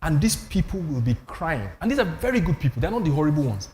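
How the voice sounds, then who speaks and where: A man's voice: a little high, very animated, quick pace, darkish tone, big-room sound, a little hiss or hum. An older Nigerian man hosting a panel on faith, telling stories with emphasis and self-deprecating humor. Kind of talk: animated panel talk on church.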